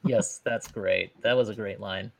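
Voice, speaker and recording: A man's voice: lowish voice, fairly even intonation, unhurried, gravelly. A man chatting casually and enthusiastically about a video game. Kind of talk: casual game discussion chat.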